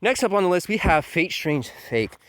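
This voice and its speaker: A man's voice: sits high, big pitch swings, moderate pace, no room sound. A man giving a crude, mocking countdown rant as an anime reviewer, swearing often and sneering at fans. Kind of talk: ranting countdown commentary.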